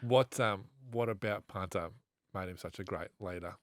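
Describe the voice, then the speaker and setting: A man's voice: sits low, normal speed, dry recording, studio quality. A man, co-hosting a chat and asking earnest, admiring questions. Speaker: podcast co-host. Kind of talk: casual chat.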